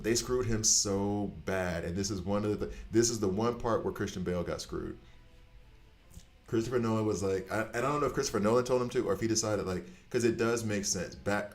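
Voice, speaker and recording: Deep-voiced man ranting casually. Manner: animated, blunt, swears casually, trails off and restarts. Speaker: gaming channel host.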